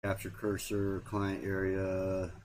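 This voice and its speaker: A man's voice: low voice, monotone, slow pace, darkish tone, slight background noise. A man hosting a casual livestream, rambling, repeating himself and trailing off as he talks. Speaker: livestream host.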